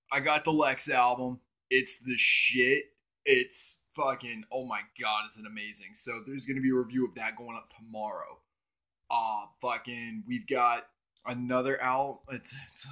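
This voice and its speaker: A man's voice: mid-range voice, a bit bright. Profane rambling man livestreaming by phone. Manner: profane, rambling, talks to chat viewers. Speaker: livestream host. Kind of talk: casual livestream chat. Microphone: cell phone.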